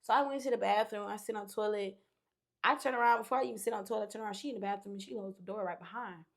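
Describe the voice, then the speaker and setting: A woman's voice: mid-range voice, racing, gravelly. A young woman, a podcast guest, telling a story in casual chat, candid and profane, acting out what people said.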